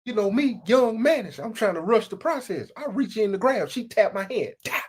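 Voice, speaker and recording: A woman telling a comic story in slangy, animated fashion, acting out voices and sound effects. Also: mid-range voice, normal speed, slightly rough. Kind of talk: comedic storytelling.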